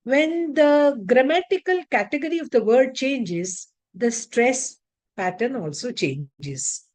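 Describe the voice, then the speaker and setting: A woman teaching English word stress in an online lecture, reading word lists aloud slowly and deliberately. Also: high-pitched, animated, a little mellow. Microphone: video call.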